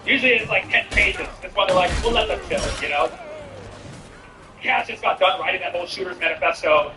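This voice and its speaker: Male streamer, high voice, rambling sarcastic riffing, far from the mic, music underneath. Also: fairly quick. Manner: rambling, sarcastic, heavy use of "like". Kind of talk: comedic commentary while gaming. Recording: roomy, off-mic, music behind.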